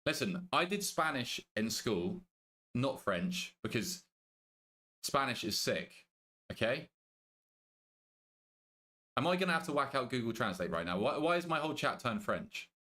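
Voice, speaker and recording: A man's voice: mid-range voice, very animated, measured pace, long pauses, pushed and bright. British man bantering with his chat. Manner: banters with chat, swears casually, thinks aloud. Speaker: game streamer. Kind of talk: casual live-stream chat.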